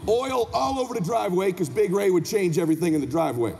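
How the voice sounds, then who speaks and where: A man telling a story onstage at a convention, animated and emphatic, acting out the people in it. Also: sits high, fast talker, creaky, soft background music. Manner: animated, emphatic, acts out characters. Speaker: motivational speaker. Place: large convention hall. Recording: hall reverb with faint ambience.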